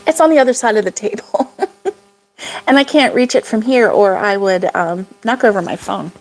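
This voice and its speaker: A woman's voice: medium pitch, moderate pace, a little mellow, faint music behind. An older woman hosting a casual crochet livestream, rambling about her week with frequent laughs and reading viewer comments aloud. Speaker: crochet vlog host.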